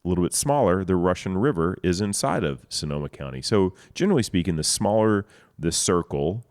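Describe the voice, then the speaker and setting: Middle-aged man, very low voice, lively guest storyteller, outdoor chat. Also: brisk. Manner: enthusiastic storyteller, acts out dialogue. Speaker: winery co-owner, guest. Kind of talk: casual storytelling. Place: outdoors in a vineyard.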